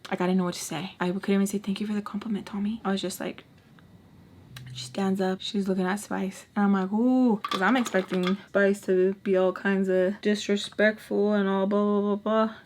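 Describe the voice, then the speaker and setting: A woman telling a casual storytime while doing her makeup, chatty and exasperated, often dropping into hushed asides. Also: medium pitch, monotone, moderate pace, a little hiss or hum. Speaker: storytime vlogger.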